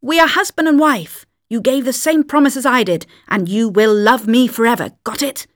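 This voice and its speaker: A woman's voice: medium pitch, expressive, normal speed, dry recording, clean studio sound, close to an everyday voice. A woman voicing a controlling adult husband who speaks sharply and demandingly. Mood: furious.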